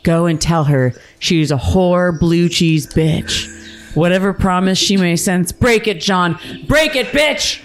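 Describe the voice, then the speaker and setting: A woman on a comedy podcast reading a dramatic monologue in a melodramatic, drawn-out way with sudden outbursts. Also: fairly low pitch, steady tone, soft background music. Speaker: podcast guest.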